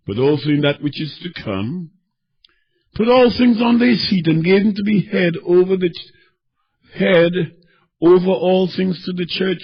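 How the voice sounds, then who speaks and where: A man preaching a sermon, swinging between fervent shouting and quieter teaching as he reads scripture. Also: a little high. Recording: dull lo-fi recording.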